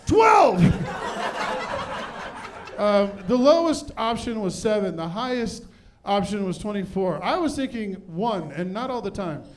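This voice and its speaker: A man's voice: sits high, lively intonation, normal speed, background noise. A middle-aged man doing a self-deprecating stand-up comedy set on a club stage with a handheld mic. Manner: self-deprecating, punchy delivery.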